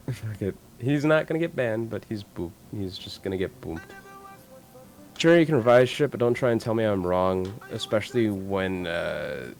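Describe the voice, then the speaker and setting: A man chatting on a live stream, ranting in a profane, animated way full of restarts and swearing. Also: lowish voice, moderate pace, gravelly. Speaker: streamer co-host. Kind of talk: casual live-stream chat.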